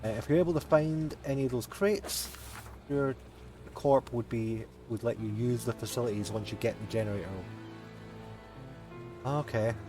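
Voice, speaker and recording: A man playing through a game, commenting casually in an ordinary mid-pitched voice. He mutters to himself and swears now and then, with faint game music behind him. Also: normal speed, pauses often. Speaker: gamer.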